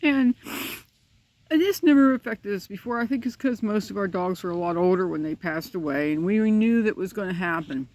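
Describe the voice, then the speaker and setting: Tearful, halting woman vlogger. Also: medium pitch, expressive, a little mellow, no room sound. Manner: halting, hesitant, with many fillers and restarts. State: tearful, grieving. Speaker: pet owner vlogger. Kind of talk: casual personal vlog. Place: beside her dog's pen.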